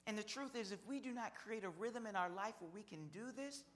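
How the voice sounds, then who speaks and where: A man preaching a sermon, slow and measured, building on repeated phrases. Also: high-pitched, a bit bright. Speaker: pastor.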